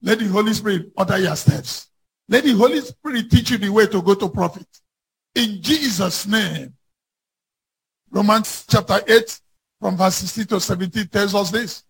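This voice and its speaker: A man preaching a sermon, quoting scripture and rising to impassioned shouts. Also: high voice, moderate pace, creaky, husky, low-quality recording.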